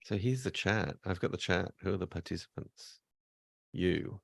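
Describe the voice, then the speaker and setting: A man's voice: sits low, normal speed, vocal fry, dry recording. A man co-hosting a casual livestream, laughing often and joking at his own expense. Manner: giggly, self-deprecating banter. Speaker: podcast co-host. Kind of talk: casual pre-show chat.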